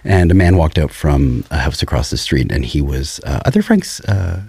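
A man, a composer and producer, talking through his recording work in a thoughtful, measured way with frequent pauses. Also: very deep voice, lively intonation, creaky, warm tone, husky, no echo, clean studio sound. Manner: thoughtful, many "um"s and restarts, measured storytelling. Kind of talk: casual interview conversation.

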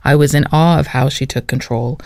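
A news interviewer asking gentle, probing questions. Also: mid-range voice, steady tone, fairly quick, no echo, clean studio sound.

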